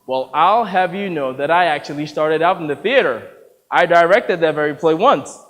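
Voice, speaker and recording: Eager director, played by a man, high and animated, stage reverb. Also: normal speed. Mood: enthusiastic. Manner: upbeat, enthusiastic, chatty. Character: eager white American male film director.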